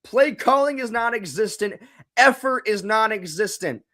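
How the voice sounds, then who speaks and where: A man's voice: high-pitched, lively intonation, normal speed, fairly bright tone. A young man hosting a live football reaction stream, exasperated and repeating himself, now and then swearing. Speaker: live game reaction host.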